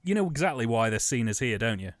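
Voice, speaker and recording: A man co-hosting a casual film commentary, cracking playful deadpan jokes and laughing a lot. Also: medium pitch, fast talker. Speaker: co-host.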